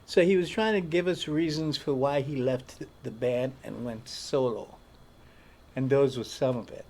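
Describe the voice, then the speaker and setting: A man's voice: medium pitch, normal speed, a little mellow. A man who plays in a touring band, telling stories as an interview guest and animatedly acting out the voices he quotes. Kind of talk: storytelling in an interview.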